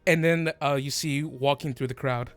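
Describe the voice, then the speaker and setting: A man's voice: medium pitch, fairly even intonation, normal speed, fairly bright tone, dry recording, faint music behind. A man narrating a tabletop game as game master, rambling and laughing often.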